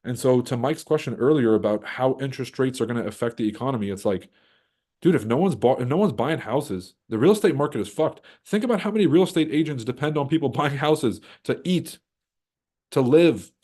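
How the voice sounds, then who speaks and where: A man's voice: medium pitch, a little fast. A man hosting a trading livestream, ranting casually and with lots of swearing, and now and then mocking others in put-on voices. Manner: profane, animated, mocks others in put-on voices. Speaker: livestream host.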